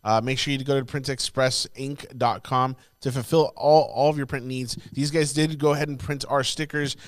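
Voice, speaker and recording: A man co-hosting a podcast, giving an upbeat sponsor shout-out. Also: medium pitch, fairly even intonation, moderate pace, no room sound, clean studio sound. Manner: upbeat promotional. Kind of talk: sponsor read.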